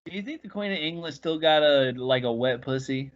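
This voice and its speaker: A man's voice: a little high, animated, brisk, dull audio. A man co-hosting a podcast, rambling and joking crudely in casual chat. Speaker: podcast co-host.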